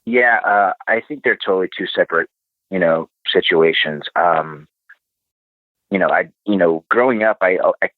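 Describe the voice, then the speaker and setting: Guest man, deep voice, halting storyteller, heard over a dry, tinny phone-like line. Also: no echo. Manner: halting, many fillers and restarts. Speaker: podcast guest. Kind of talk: casual storytelling.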